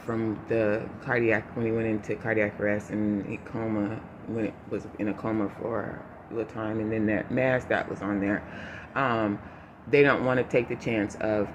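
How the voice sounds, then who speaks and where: A man gives his viewers an unscripted personal update, speaking haltingly with many fillers and restarts as he chokes up and fights back tears. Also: lowish voice, background noise. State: emotional, choking up. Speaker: vlogger giving a family update.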